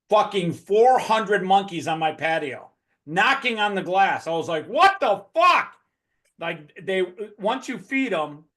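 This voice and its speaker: A male podcast host with a slightly raised pitch, telling stories in a loose, animated way and swearing freely as he chats with his guest. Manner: animated profane storytelling. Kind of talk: casual conversation.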